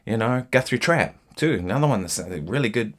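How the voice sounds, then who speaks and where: A man giving a casual guitar lesson, chatting in a relaxed, rambling way with lots of fillers and asides, guitar in hand. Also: mid-range voice, a little fast. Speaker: guitar teacher. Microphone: single mic, holding guitar while talking.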